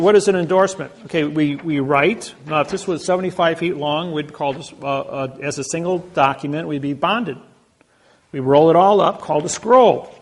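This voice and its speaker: A man giving a rambling storytelling lecture to a class, with many halting restarts. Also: a little high. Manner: rambling anecdotes with acted quotes. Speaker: speaker teaching a class.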